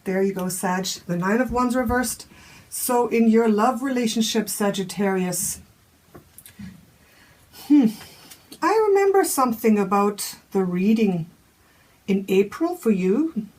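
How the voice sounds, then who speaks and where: A woman talks through a tarot reading in a relaxed, chatty way, thinking aloud with fillers and restarts. Her voice sits a little high and has a husky, breathy grain. She addresses the listener directly. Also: unhurried, pauses often. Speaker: tarot reader.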